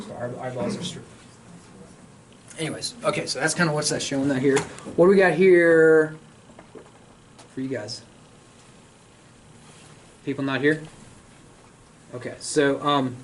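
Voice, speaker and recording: A man giving a casual, joking university lecture in a lecture hall who often checks in with his students. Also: medium pitch. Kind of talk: classroom lecture. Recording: distant mic with faint room hum.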